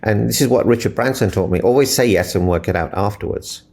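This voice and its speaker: A man from Africa speaks with a very low, gravelly voice as a relationship mentor in an interview. He tells earnest, inspirational stories and acts out the conversations in them. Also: quick pace, a little mellow. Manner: earnest, inspirational, retells dialogue. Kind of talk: storytelling interview answers.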